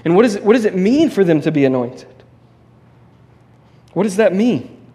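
A man preaching a sermon in a conversational, animated way, with restarts and asides. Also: high-pitched, normal speed. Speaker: pastor.

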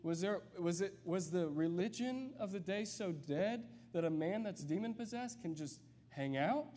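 A man giving a sermon as a guest preacher, conversational and searching, with many fillers and restarts, and reading scripture slowly. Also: high voice, lively intonation, warm tone, a little hiss or hum.

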